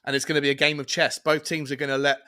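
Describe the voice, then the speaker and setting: A man hosting a live fan watchalong stream, chatting excitably and reading out viewer comments. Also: a little high, very fast. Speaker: fan show host. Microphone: earphones with mic, webcam.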